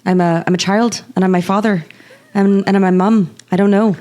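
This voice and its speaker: A woman's voice: mid-range voice, big pitch swings, a little fast, gravelly, a little mellow. A woman doing a rambling, bewildered impression of a male Irish actor.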